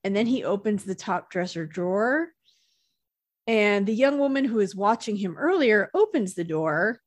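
A woman's voice: medium pitch, lively intonation, moderate pace, no echo. A woman co-hosting a podcast, casually retelling a TV episode and often laughing. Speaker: podcast co-host recapping a TV episode. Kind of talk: casual chat.

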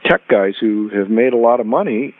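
A man's voice: lowish voice, moderate pace. A man telling rambling anecdotes as a guest in a podcast interview, acting out quoted dialogue as he goes. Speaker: rare coin dealer and guest. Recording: tinny phone-line sound.

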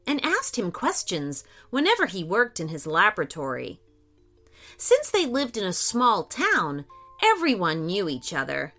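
A woman narrating a children's story with a warm, expressive and animated delivery. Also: mid-range voice. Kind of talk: scripted storytelling for kids.

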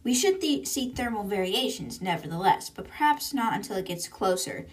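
Calm commanding leader, measured delivery, a woman reading it near her own voice, a little off-mic. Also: mid-range voice, far from the mic, lightly acted. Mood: firm.

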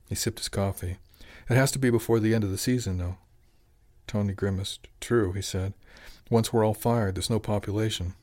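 A man reading a novel aloud as narrator, even in his storytelling and lifting his voice for the characters' lines. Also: lowish voice. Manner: even storytelling, lifts into dialogue. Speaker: audiobook narrator. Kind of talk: scripted narration.

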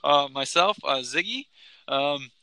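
A man's voice: on the high side, animated, unhurried, sharp tone, dry recording, low-quality recording. A man hosting a casual sports podcast, rambling through his opinions with many fillers and restarts. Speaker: podcast host.

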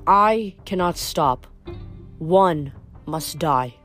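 A woman voicing a halting, menacing spirit. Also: sits low, faint music behind, exaggerated voice. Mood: cold, menacing. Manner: slow, halting, flat menace. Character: cold possessing spirit speaking through a boy.

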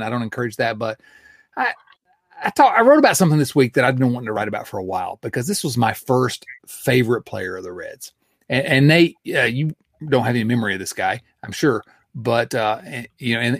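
A man's voice: mid-range voice, no echo, studio quality. A middle-aged man hosting a casual sports podcast, laughing often and restarting sentences as he talks. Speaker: podcast host.

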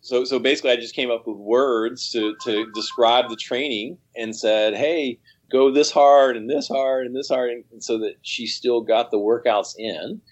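A man, a cycling coach, talking casually in an interview, animated and rambling, with frequent restarts. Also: mid-range voice, moderate pace, lo-fi sound.

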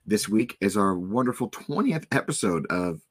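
Man, twenties, hoarse voice, low-pitched, casual podcast chat, animated storytelling. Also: moderate pace. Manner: animated storytelling, frustrated rants. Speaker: podcast host.

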